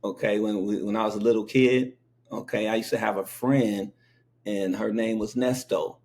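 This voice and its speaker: A man's voice: fairly low pitch, fairly even intonation, normal speed, a little mellow. A man hosting an interview in casual chat, telling stories animatedly and acting out the quotes. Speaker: interview host.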